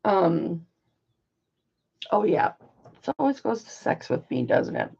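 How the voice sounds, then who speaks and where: A woman's voice: fairly low pitch, big pitch swings, takes it slowly, vocal fry, darkish tone, slightly rough. An older woman telling a rambling personal story in a chatty, casual way, full of asides, on dull lo-fi audio. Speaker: live auction host.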